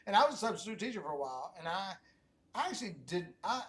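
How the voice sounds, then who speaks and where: A man's voice: sits high, big pitch swings, fast talker, a bit bright. A middle-aged man hosting a podcast, asking loose, rambling questions that trail off and restart mid-thought. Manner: rambling, self-interrupting questions. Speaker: podcast host. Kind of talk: casual interview chat.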